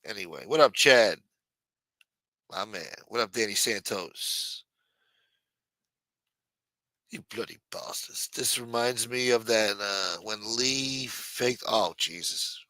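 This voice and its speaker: In this rough, echo-free recording, a livestream host with a lowish, pushed and bright voice speaks slowly. It's late at night, and he reads out news items while ranting casually, swearing and mocking bluntly.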